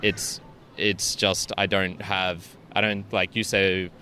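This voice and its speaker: Low, bright-voiced man, blunt banter. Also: level tone, takes it slowly, slight background noise. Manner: blunt, swears and teases. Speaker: podcast host. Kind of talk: casual podcast chat.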